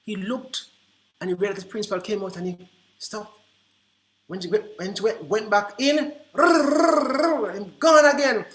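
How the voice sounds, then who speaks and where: A man presenting to early childhood teachers, telling classroom stories in an animated way and acting out the dialogue. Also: high voice, moderate pace, long pauses. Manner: animated, acts out quoted dialogue. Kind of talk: storytelling presentation. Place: conference room. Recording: roomy echo.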